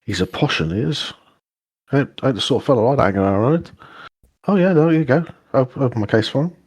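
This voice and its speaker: A man's voice: medium pitch, animated, brisk, darkish tone, husky. A man playing a tabletop game, chatting casually and talking in character. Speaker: player. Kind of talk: casual play and in-character talk.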